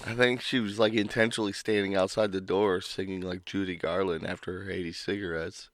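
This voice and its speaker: A man co-hosting a casual podcast, telling a workplace story with lots of swearing and acting out a coworker's yelling. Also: low-pitched, flat delivery, a little fast, no room sound, studio quality. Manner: swears freely. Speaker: podcast co-host.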